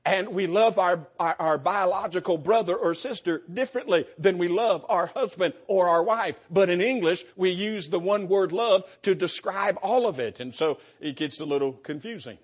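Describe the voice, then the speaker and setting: An older male pastor preaching with an emphatic, rhythmic cadence, often repeating words as he builds a point. His voice sits a little high for a man. The recording sounds dull and lo-fi. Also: normal speed, hardly any pauses, husky. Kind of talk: sermon.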